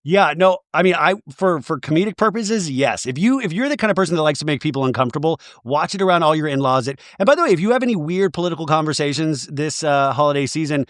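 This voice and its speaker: A man chatting casually as a guest on a podcast, animated and rambling, laughing often as he talks. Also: on the high side, fast talker, few pauses, no room sound, studio quality.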